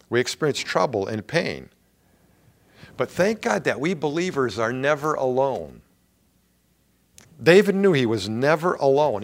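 A middle-aged male pastor preaching a sermon in an earnest, emphatic way with dramatic pauses. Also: medium pitch.

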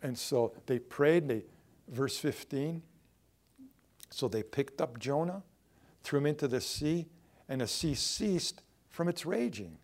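A man's voice: fairly high pitch, lively intonation, measured pace, a little mellow. A male pastor preaching a sermon in a conversational way, asking the congregation rhetorical questions as he goes.

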